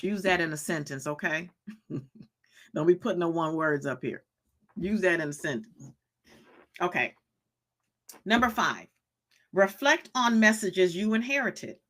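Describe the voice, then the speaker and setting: A woman's voice: fairly low pitch, fairly bright tone. A woman hosting a motivational live stream, speaking in a preachy way, repeating her questions and reading chat comments aloud.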